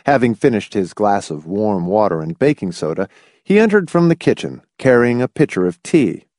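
A man narrating an audiobook with expressive, lively storytelling. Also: fairly low pitch, moderate pace, no room sound, studio quality.

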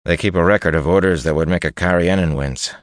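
A man voicing a gruff, menacing hardened killer who mutters and growls his lines in an audiobook reading. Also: low voice, quick pace, no echo, studio quality, lightly acted. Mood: gruff, wary.

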